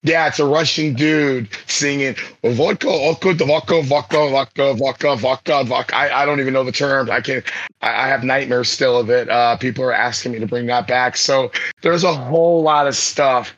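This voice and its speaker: A man in a loose podcast chat, rambling through his thoughts and doubling up his words. His voice sits at an ordinary pitch and comes through a dull, lo-fi recording. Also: steady tone, moderate pace, fairly bright tone. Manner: rambling, repeats words, laughs easily. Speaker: streamer guest.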